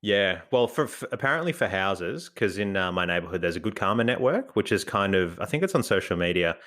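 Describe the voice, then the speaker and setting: A man co-hosting a podcast in casual chat, laughing often and reading news aloud slowly. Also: sits low, very animated, a bit bright. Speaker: podcast co-host.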